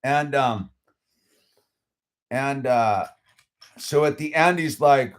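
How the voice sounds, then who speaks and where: A middle-aged man telling a story in casual chat, animated and heated, with lots of "dude" and "like" and many restarts. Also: mid-range voice, very slow. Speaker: channel host.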